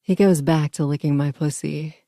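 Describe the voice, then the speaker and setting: Woman audiobook narrator, first person, intimate murmur, gravelly, dry close sound. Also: deep voice, steady tone, moderate pace, mellow, no echo.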